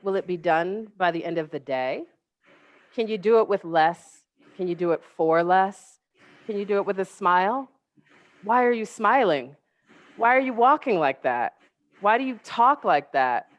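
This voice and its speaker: A woman's voice: medium pitch, lively intonation, moderate pace, no echo, close to an everyday voice. A woman voicing a mocking demon tempter who fires off belittling questions. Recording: dry, dull lo-fi webinar audio.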